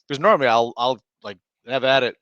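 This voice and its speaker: A man's voice: mid-range voice, a little fast, a bit bright, dry recording, lo-fi sound. A man in his thirties, a stay-at-home dad co-hosting a podcast, telling a long rambling story in casual chat with restarts and laughs.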